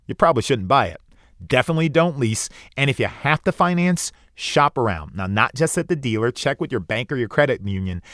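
A man's voice: mid-range voice, a bit bright, dry recording, clean studio sound. A man in his forties narrating a radio feature as a reporter, wry and self-deprecating. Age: 40s.

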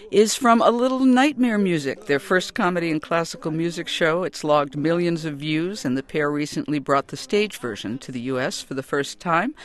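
A woman hosting a radio interview, introducing guests in clear, measured phrases. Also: fairly low pitch. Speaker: radio host.

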